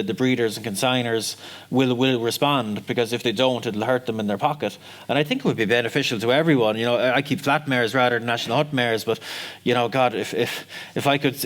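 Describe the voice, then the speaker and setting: Man talking on a seminar panel. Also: medium pitch. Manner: conversational, frequent "you know" fillers.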